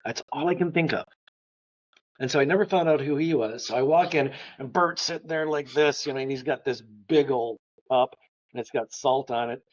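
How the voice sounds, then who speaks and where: Man, from Florida, art historian guest, lively storyteller, middle pitch, slightly muffled recording. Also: moderate pace. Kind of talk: conversational anecdotes.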